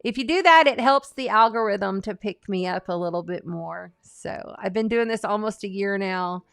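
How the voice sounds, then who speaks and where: A woman's voice: medium pitch, normal speed, creaky, a bit bright, smooth, no echo. Chatty woman hosting an astrology stream. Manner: chatty, rambling, folksy. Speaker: astrology and tarot livestream host. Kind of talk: casual livestream chat.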